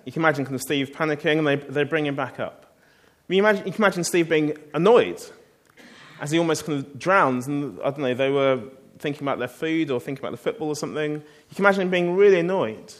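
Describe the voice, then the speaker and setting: A man's voice: fairly high pitch, fast. A man preaching a sermon, telling the story in a conversational way and asking the listeners rhetorical questions.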